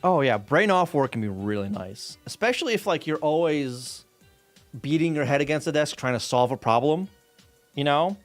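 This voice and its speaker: Coding a game on a live stream, this man rambles to his viewers, reads their chat aloud, and peppers his talk with fillers and casual curses. His fairly high voice is expressive and moves at a normal speed. There's no room sound, just faint background music.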